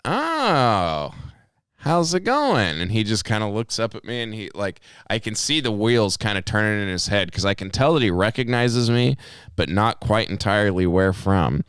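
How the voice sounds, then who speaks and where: A young man co-hosting a casual podcast, telling stories in a loose, profane way. His voice sits low and sounds smooth and clear. The recording is dry and close. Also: moderate pace, no echo. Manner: animated storyteller, swears freely, jumps into high voices quoting people. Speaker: podcast co-host. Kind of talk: casual storytelling chat.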